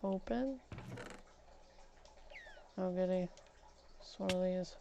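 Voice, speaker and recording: A woman's voice: medium pitch, steady tone, slow, mellow, lo-fi sound, a little hiss or hum. A woman gaming streamer chatting casually while she plays, rambling and candid with mild swearing. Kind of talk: casual chat while playing a game.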